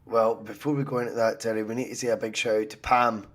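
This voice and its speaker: Sweary, lively Scottish man with a cold. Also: lowish voice, fast talker. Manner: animated, sweary banter. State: has a cold. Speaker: podcast host. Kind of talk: casual football chat.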